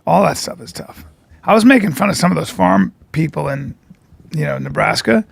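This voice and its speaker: A man's voice: a little high, animated, moderate pace, creaky, slightly rough, dry recording. A man co-hosting a podcast, chatting casually and telling rambling stories that stop and restart. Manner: rambling, self-interrupting storyteller. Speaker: podcast co-host and comedian. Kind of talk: casual chat.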